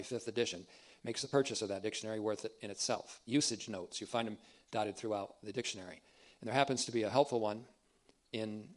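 A man teaching a theological sermon, deliberate and emphatic, repeating key phrases for emphasis. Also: lowish voice. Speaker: preacher.

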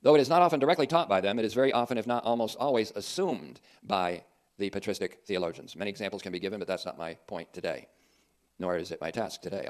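A man's voice: on the low side, darkish tone. A man preaching a sermon in an earnest, emphatic way, with dry asides.

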